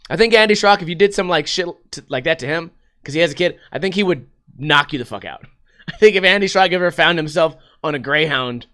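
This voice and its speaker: A man's voice: a little high, sharp tone. A man hosting a casual solo podcast, rambling and swearing a lot and laughing often. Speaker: podcast host.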